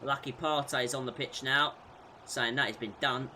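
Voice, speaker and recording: A man commentating on his own football video game career mode, shouting at goals and groaning at defensive mistakes. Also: medium pitch, normal speed, a little hiss or hum. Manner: excitable, shouts at big moments, groans at mistakes. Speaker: gaming YouTuber.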